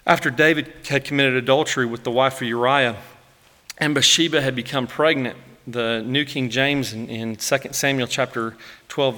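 A man's voice: mid-range voice, sharp tone, in a large hall. A man in his thirties preaching a sermon in an earnest, emotive way, acting out anguished laments. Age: 30s. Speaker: pastor.

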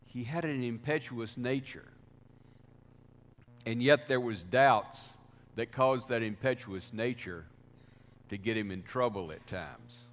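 A man preaching a sermon as pastor, deliberate, with swells of emphasis. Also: medium pitch, fairly bright tone. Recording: reverberant hall sound.

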